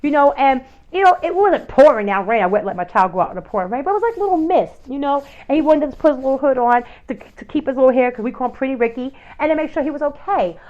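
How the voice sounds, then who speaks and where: A woman's voice: sits high, animated, fast talker, few pauses, dull audio. A woman in her thirties or forties, hosting a talk show and speaking in an impassioned monologue full of rhetorical questions and fillers. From United States. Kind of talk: passionate opinion monologue.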